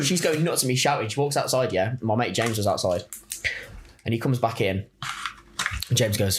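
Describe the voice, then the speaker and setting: A man's voice: mid-range voice, background noise. A young man, a podcast guest telling rambling anecdotes in casual chat. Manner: fast, rambling anecdotes, laughs mid-story.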